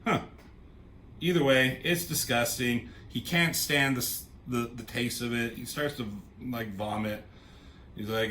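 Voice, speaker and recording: A man's voice: medium pitch, fairly even intonation, unhurried, pushed and bright, slight background noise. Casual rambling man recapping a comic. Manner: rambling, loosely quoting characters in offhand voices. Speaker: comic book reviewer.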